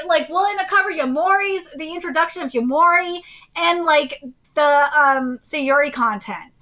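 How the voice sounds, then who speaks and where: A woman's voice: very high voice, sharp tone. A woman hosting an anime commentary channel, talking casually, exasperated and pleading, with frequent swearing.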